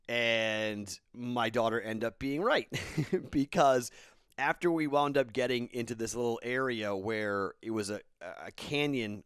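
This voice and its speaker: A man's voice: lowish voice, fairly bright tone, smooth, dry recording, studio quality. A man in his thirties, a podcast host, telling a casual rambling story and then giving betting picks, tired and self-correcting.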